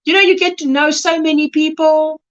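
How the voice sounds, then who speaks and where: A woman's voice: sits high, level tone, fairly quick, a bit bright, lo-fi sound. A South African woman hosting a crochet livestream, chatting casually and reading out and greeting viewers' comments by name.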